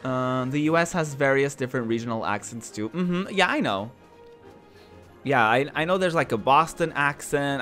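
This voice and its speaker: Male streamer, rambling chat, mid-pitched, faint music behind. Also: fairly bright tone. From northern Portugal. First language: Portuguese. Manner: chatty, rambling, repeats his words. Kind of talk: casual chat while gaming.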